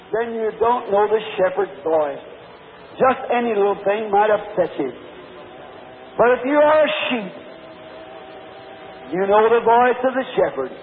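A man's voice: high voice, lively intonation, slow, pauses often, a little hiss or hum. A middle-aged man preaching an altar call in a large church, pleading in a rhythmic, repetitive way. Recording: tinny lo-fi old sermon tape.

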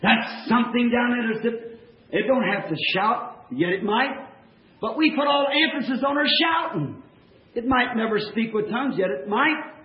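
A man preaching a fervent revival sermon to a church congregation, in folksy plain-spoken speech that swings from hushed tones to shouting. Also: very high-pitched, lively intonation, moderate pace. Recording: echoey, dull old church tape.

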